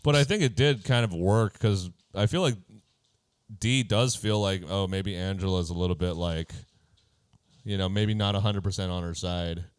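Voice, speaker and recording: A man's voice: deep voice, moderate pace, clean tone, dry recording. A man co-hosting a podcast, chatting loosely about a reality show with many fillers. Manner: relaxed, loose, lots of fillers and laughs. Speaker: podcast co-host. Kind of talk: casual chat recapping a reality show.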